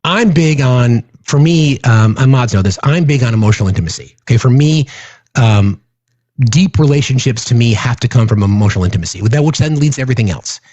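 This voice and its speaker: A man's voice: mid-range voice, lively intonation, a little fast, a little mellow, no room sound, lo-fi sound. A middle-aged man hosting a livestream, talking earnestly and passionately to his chat, often swearing for emphasis. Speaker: livestream host. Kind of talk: casual livestream talk to chat.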